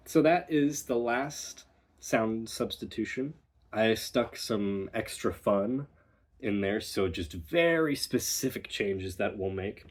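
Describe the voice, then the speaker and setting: American man, accent coach, slow and deliberate, breathy low voice, repeats example words. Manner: demonstrates words by repeating them. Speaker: dialect coach. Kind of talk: accent lesson.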